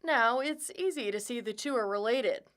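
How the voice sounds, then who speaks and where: A woman reporter narrating a news story in a measured, polished way. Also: fairly high pitch, fairly bright tone.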